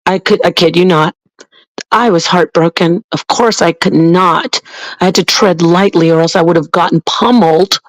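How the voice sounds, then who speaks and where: A woman's voice: lowish voice, normal speed, no room sound, poor audio. A woman vlogger delivers a heated monologue in a blunt, emphatic way. The recording is close and dry, with no room sound. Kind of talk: ranting monologue.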